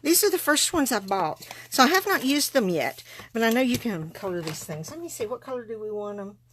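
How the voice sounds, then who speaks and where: A woman's voice: fairly high pitch, sing-song, brisk, background noise. A woman chatting folksily to viewers as she demonstrates card making live from her craft table. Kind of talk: live-stream craft demo.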